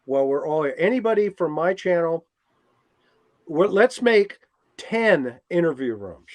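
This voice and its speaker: A man's voice: on the high side, very animated, a little slow. A man appearing as a guest on a livestream, thanking the hosts and eagerly urging viewers to subscribe. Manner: eager, hyping up the audience. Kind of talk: casual livestream chat.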